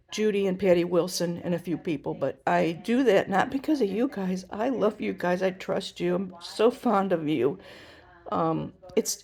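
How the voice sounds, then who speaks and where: A woman's voice: mid-range voice, creaky, warm tone. An older woman talking casually to her viewers in a rambling vlog monologue, full of restarts and blunt opinions. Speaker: trial-watching vlogger.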